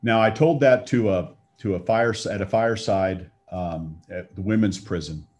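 A man's voice: low voice, moderate pace, darkish tone. Man, middle-aged, storytelling talk, acts out quotes. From Texas. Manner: conversational, acts out quoted lines. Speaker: speaker sharing a personal faith story.

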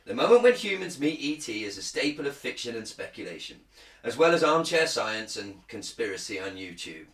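A man co-hosts a loose podcast chat, reading an article aloud and breaking off to joke and curse. His voice swings widely in pitch and sounds bright and forward. The room around him is echoey. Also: a little fast. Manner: swearing, joking, animated. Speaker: podcast co-host.

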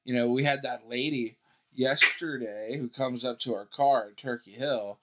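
A man of middling pitch tells stories in a casual chat, cursing freely and throwing in quick asides. He speaks in an animated, offhand way. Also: a little hiss or hum.

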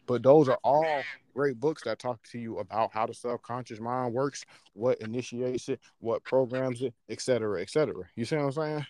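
A man in casual podcast chat, talking in an animated, slangy way and checking in with his listeners as he explains. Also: mid-range voice, moderate pace, no room sound. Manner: animated, slangy, often asks "you know what I'm saying". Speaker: podcast co-host.

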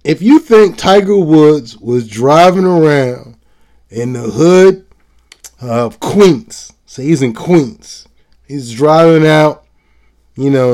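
Male show host, slightly higher-pitched voice, blunt and profane, hammering his points in a solo commentary. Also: takes it slowly, darkish tone. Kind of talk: political commentary monologue.

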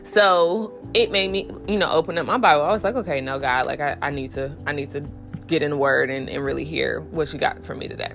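A woman's voice: fairly quick, creaky, a bit bright, soft background music. A woman hosting a podcast, talking candidly about faith with many fillers, restarts and acted-out voices. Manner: acts out inner voices with raised pitch. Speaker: podcast host. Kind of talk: casual faith talk.

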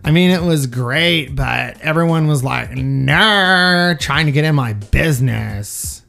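A man voicing an entitled young valley girl shopper with an indignant, drawn-out whine. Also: on the high side, creaky, sharp tone, soft background music, heavily acted. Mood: bubbly.

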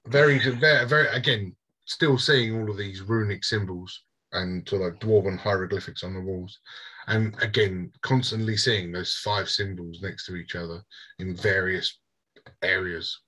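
A man narrates a tabletop game as its game master, with a husky, slightly breathy voice. His pitch is on the low side, and he talks in a casual, halting way with frequent restarts. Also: steady tone, sharp tone, low-quality recording.

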